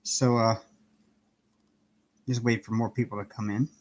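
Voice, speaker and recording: A man's voice: mid-range voice, level tone, a little slow. A man hosting a casual live stream from home, cheerfully greeting viewers one by one by name while he works on a craft project. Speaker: livestream host.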